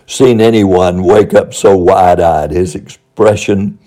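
A man's voice: low-pitched, fairly even intonation, takes it slowly. An older man, a former school principal, telling funny stories from his school days in a folksy, chuckling way. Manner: warm anecdotal delivery, chuckling asides. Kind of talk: folksy spoken storytelling.

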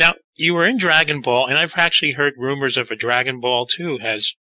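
Bright-voiced enthusiastic male interviewer. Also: medium pitch, a little fast, rough recording. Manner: eager, fanlike, many fillers. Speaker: interviewer host. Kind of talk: casual interview chat.

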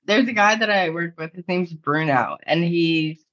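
A woman's voice: on the low side, moderate pace, fairly bright tone. An American woman co-hosting a podcast in a casual, rambling chat, filling her speech with "like" and laughing easily. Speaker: podcast co-host. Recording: dull lo-fi sound.

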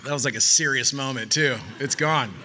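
A man's voice: medium pitch, brisk, bright, forceful tone. A man preaching a sermon in a casual, conversational way, with joking asides and acted-out quoted voices. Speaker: pastor.

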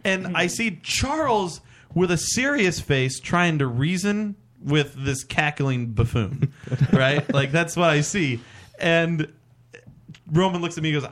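A man's voice: fairly high pitch, expressive, slow. A young adult man on a casual podcast, telling a long, rambling, profane story and acting out what people said. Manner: rambling, profane, acts out quotes. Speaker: podcast co-host.

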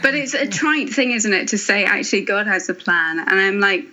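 A woman author speaking as a guest, thoughtful and earnest, pausing and restarting as she reflects on faith. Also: medium pitch, expressive, sharp tone, muffled recording. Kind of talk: reflective faith podcast conversation.

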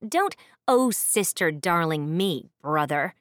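A woman's voice: medium pitch, sing-song, measured pace, dry recording, studio quality. A woman voicing a furious royal older sister who scolds her brother in an audiobook. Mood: indignant. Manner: indignant, scolding.

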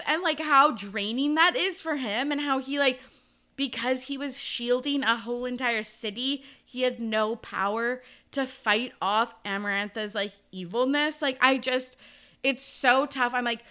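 Bright, smooth-voiced young woman recapping a book. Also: high voice, unhurried. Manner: animated, swearing, lots of "like". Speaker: podcast co-host. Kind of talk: casual book recap chat.

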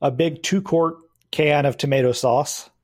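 A man's voice: a little high, fairly even intonation, unhurried, a little mellow. Man running a tabletop game. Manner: explains rules with frequent hesitations. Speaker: game master.

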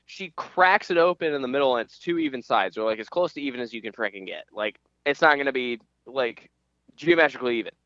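Young guy cohosting a podcast, rambly with lots of likes and ums, smooth voice, kinda dull lo-fi sound. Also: medium pitch, fast talker, fairly bright tone, no room sound. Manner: rambling storyteller, many fillers. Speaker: podcast co-host. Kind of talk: casual chat.

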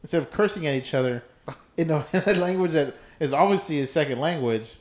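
A man's voice: a little high, lively intonation, fast talker, darkish tone, echoey room. A man co-hosting a podcast in easygoing chat. He talks loosely, leans on slang and laughs often. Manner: laid-back, laughing, slangy. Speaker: podcast co-host. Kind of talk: casual chat.

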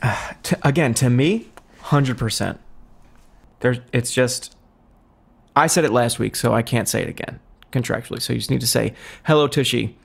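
A podcast co-host chatting casually, halting often and filling pauses with uh and um. His delivery is dry and understated, with the loose pace of friendly banter. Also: mid-range voice, vocal fry, husky. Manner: hesitant, lots of filler words, dry. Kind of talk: casual comedic chat.

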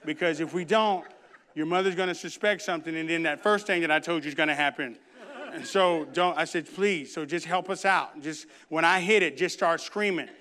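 A man's voice: fairly high pitch, brisk, pushed and bright. A man preaching a sermon, telling a funny family story and acting out the dialogue before turning to scripture. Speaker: pastor.

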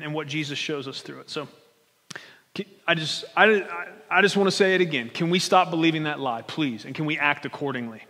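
A male pastor with a high voice delivers an animated, conversational sermon, stumbling over and restarting his phrases as he goes. His words ring out with the long reverb of a large hall.

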